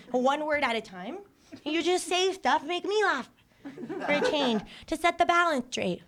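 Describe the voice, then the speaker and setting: A young woman doing stand-up comedy, rambling quickly and self-deprecatingly, often laughing between lines. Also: very high voice. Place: comedy stage with live audience. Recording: loud audience laughter and noise.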